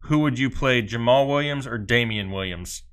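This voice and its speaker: A man's voice: medium pitch, clear, resonant tone. A man co-hosting a live fantasy football stream, reading out viewer questions and joking along casually. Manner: joking, reads viewer questions aloud quickly. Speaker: fantasy football show co-host.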